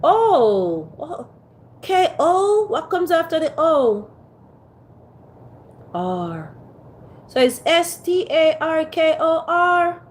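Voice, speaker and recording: A woman's voice: very high-pitched, very animated, extremely slow, long pauses. A woman hosting a casual livestream from a phone on a ring light, playfully teasing and coaxing her viewers to type in the chat. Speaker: livestream host.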